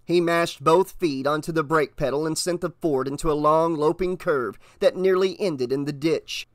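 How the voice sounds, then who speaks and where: Man narrating audiobook, somewhat higher voice, measured steady reading, dry close mic. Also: dry recording.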